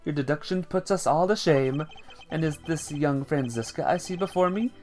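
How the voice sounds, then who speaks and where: A man's voice: fairly high pitch, moderate pace, a little mellow, pitched above the performer's own voice, natural voice. A man voicing a sentimental old man who sniffles and sobs between lines. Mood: jovial. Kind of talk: reading game dialogue aloud.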